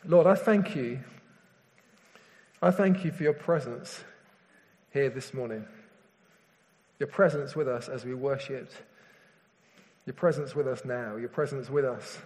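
A man preaching a sermon, leading a prayer and reading scripture slowly and earnestly. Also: medium pitch. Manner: earnest, slows down and softens in prayer. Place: church hall with screen behind speaker. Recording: long hall reverb.

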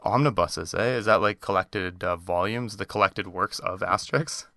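A man's voice: low-pitched, normal speed, sharp tone, no room sound, studio quality. A Canadian man hosting a podcast, chatting casually with lots of fillers. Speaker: podcast host. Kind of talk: casual chat.

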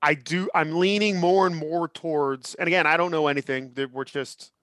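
A man in his thirties co-hosting a podcast, chatting casually in an animated, opinionated way with lots of restarts. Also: fairly high pitch, normal speed, dry recording, clean studio sound. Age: 30s. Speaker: podcast co-host. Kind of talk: casual chat.

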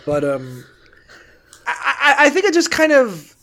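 A man's voice: very high voice, huge pitch swings, measured pace, bright, forceful tone. A man co-hosting a podcast in a casual, rambling way, profane and sarcastic. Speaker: podcast co-host. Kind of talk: casual chat.

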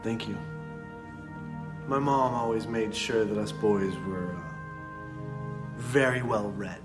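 A boastful, self-important air force colonel lists his credentials in a movie scene. His voice sits at an ordinary middle pitch. The sound is roomy, with a faint film score underneath. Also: slow, over music. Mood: earnest. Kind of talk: film dialogue.

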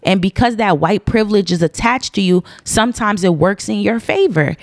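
Casting: woman, casual storytime vlogger, emphatic and animated, mid-pitched, close and dry. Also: moderate pace, dry recording. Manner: emphatic, animated, repeats points for stress. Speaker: storyteller recounting a personal incident.

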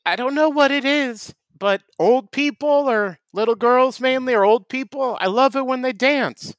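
Man doing a gushing, high-voiced rambler. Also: normal speed, fairly bright tone, no echo. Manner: breathless gushing, drifting from topic to topic. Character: excitable rambling man, gushing, easily sidetracked. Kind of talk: improvised comedy bit.

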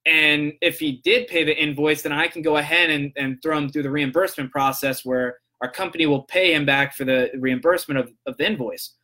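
A man's voice: on the high side, steady tone, a little fast, few pauses, sharp tone. A young man hosting a podcast, casually telling a story and acting out both sides of a phone call. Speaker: podcast host.

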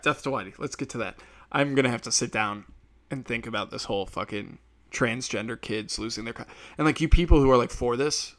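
A man rambling alone on his podcast, swearing freely, laughing at his own jokes and breaking into quick impressions of other people. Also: medium pitch, fairly bright tone. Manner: acts out quoted people in sudden bursts. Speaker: podcast host. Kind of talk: solo podcast rant.

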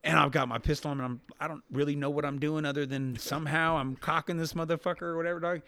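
A man's voice: a little high, vocal fry. A man telling a wild story on a podcast in a profane, slangy way, acting out what people said and repeating "dog" constantly. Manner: fast and excitable, acts out quotes. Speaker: podcast guest. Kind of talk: animated storytelling.

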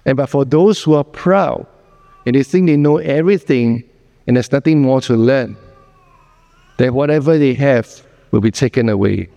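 A man's voice: mid-range voice, moderate pace, creaky, warm tone. A man preaching a sermon in an earnest, explanatory way, often posing rhetorical questions. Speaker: pastor. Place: church sanctuary. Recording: church hall reverb.

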